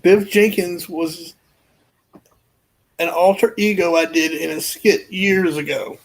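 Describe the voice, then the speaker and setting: A man's voice: high-pitched, steady tone, slow, low-quality recording. A man joking and teasing on a live stream, often stumbling and repeating words. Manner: joking, self-mocking, stumbles over words. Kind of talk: casual joking chat.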